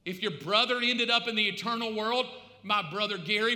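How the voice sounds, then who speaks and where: A man preaches a sermon in a church sanctuary, his bright, forceful voice ringing through a reverberant hall. He moves between hushed storytelling and loud, pleading outbursts. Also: high-pitched, fairly quick. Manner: swings from quiet storytelling to loud acted pleading. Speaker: pastor. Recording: echoey hall.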